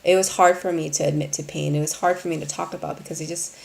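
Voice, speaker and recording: Woman hosting a live q&a, low raspy-ish fry in her voice, talks earnest and rambly with lots of um and you know. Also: fairly even intonation, fast, darkish tone. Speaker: host of a live Q&A stream. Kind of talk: candid casual talk to viewers.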